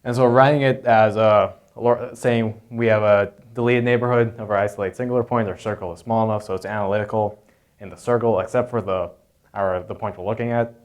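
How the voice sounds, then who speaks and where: Man, lowish voice, math lesson, halting delivery, lots of fillers. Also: steady tone. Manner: hesitant, many fillers and self-corrections. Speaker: math tutor. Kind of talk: unscripted math lecture.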